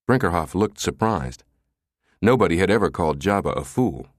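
A man reading a thriller audiobook in a measured, even storytelling manner. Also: low voice, no echo, clean studio sound. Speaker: audiobook narrator. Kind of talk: scripted thriller narration.

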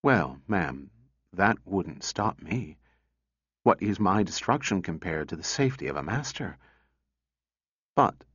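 A man reading a story, voicing a timid male robot that speaks in a low, hoarse, apologetic way. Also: a bit bright, dry recording, lo-fi sound, full character voice. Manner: hesitant, apologetic, deferential. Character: timid male robot, anxious and eager to please.

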